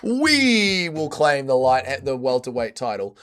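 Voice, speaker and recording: A man's voice: medium pitch, lively intonation, measured pace, few pauses, a bit bright. An Australian man hosting a casual livestream, reading out chat comments with blunt, crude banter, his voice tired and sore. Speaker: livestream host.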